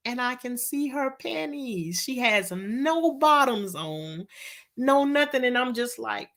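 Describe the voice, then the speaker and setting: A woman's voice: fairly high pitch, animated, slow pace, a bit bright. A middle-aged woman, telling a storytime vlog in an emphatic, exasperated way. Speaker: vlogger.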